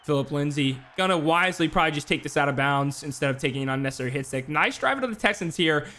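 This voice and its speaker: Man, play-by-play caller, simulated football stream, bright voice, slightly high pitch. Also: lively intonation. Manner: rapid play-by-play, filler-heavy asides. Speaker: play-by-play commentator. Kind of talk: esports sim football commentary.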